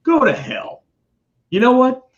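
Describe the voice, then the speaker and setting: A man telling a work story in casual chat, animated and profane, putting on voices for the callers. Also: extremely high pitch, unhurried. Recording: dull lo-fi sound.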